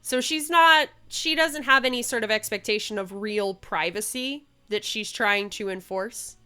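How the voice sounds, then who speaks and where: Smooth-voiced woman narrating a tabletop game. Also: on the high side, unhurried, bright, forceful tone. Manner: rambling, hesitant, many fillers and self-corrections. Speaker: game master.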